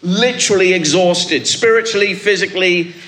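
A man's voice: sits high, moderate pace, fairly bright tone, echoey room. A male pastor preaching a sermon to a congregation, emphatic and calling out to the listeners. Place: church with a live congregation.

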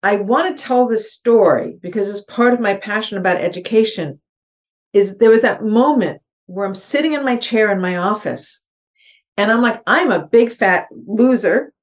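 A woman's voice: medium pitch, normal speed. Earnest middle-aged woman telling her story. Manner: earnest, animated, acts out her own thoughts in quotes. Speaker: podcast guest, real estate investor. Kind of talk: personal storytelling in an interview. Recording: slightly dull, muffled podcast audio.

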